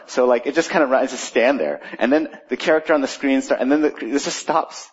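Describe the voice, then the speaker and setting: Husky pastor, middle-aged man, chatty and animated sermon, muffled lo-fi recording. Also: mid-range voice, brisk. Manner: conversational, animated storytelling with rising energy. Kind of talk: sermon with prayer and storytelling. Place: church. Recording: dull lo-fi church recording.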